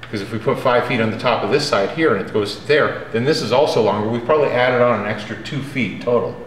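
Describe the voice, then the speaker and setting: A man's voice: mid-range voice, fast, slight background noise. A man teaching a drawing class, direct and emphatic, often checking in with his students. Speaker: drawing instructor. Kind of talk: classroom lecture. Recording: roomy classroom with faint ambience.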